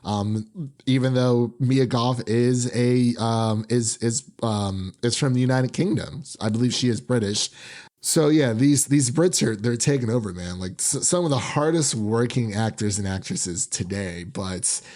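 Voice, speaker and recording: A man's voice: medium pitch, unhurried, a little mellow. A young man hosting a film review podcast, chatting casually into his microphone, rambling with many fillers and restarts. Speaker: podcast host.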